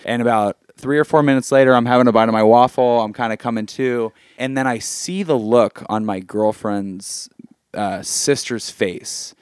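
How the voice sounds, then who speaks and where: A man's voice: mid-range voice, moderate pace, clear, resonant tone, dry recording, studio quality. A man telling a story casually among friends, laughing often and swearing freely.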